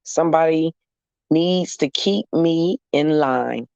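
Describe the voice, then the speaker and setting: A man's voice: on the high side, takes it slowly, gravelly, a little mellow, clear, resonant tone, no echo. Sassy man venting on a vlog. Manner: emphatic, repetitive, sassy. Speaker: vlogger. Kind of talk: casual to-camera monologue. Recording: dull, dry lo-fi recording.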